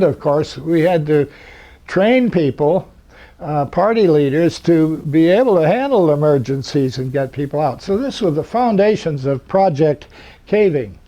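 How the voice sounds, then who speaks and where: A man's voice: fairly high pitch, animated, a little slow, mellow. An older man giving a rambling, dry-humored talk to an audience in a lecture hall, with plenty of fillers. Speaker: convention speaker. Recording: muffled lo-fi recording.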